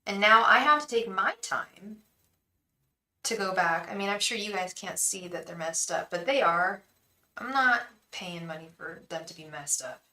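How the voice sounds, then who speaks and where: A woman's voice: mid-range voice, normal speed, sharp tone, reverberant, rough recording. A young woman from the Bay Area hosting a live tarot stream, chatting casually, venting about her day and chanting a repeated invocation to spirit guides. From San Francisco Bay Area.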